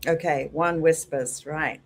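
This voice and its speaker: A middle-aged woman teaching a hairdressing class, animated and acting out her clients with lively exclamations. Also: sits low, slow. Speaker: hairdressing educator.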